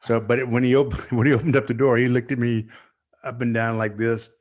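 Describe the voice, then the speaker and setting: A football coach co-hosting a sports podcast, telling stories in a laid-back, easygoing way. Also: male voice, medium pitch, level tone, fairly quick. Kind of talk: casual sports chat.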